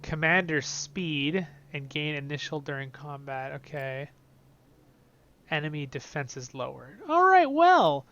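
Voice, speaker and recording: A young man hosting a casual gameplay video, chatty and excitable, swinging between loud bursts and quiet asides. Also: a little high, unhurried, muffled recording, a little hiss or hum. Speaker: game video host.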